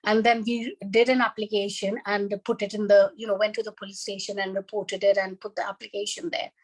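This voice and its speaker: A woman's voice: medium pitch, brisk, rough recording. A woman, a guest animatedly retelling a painful family dispute over a video call. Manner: animated, vivid retelling of arguments. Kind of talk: emotional personal storytelling.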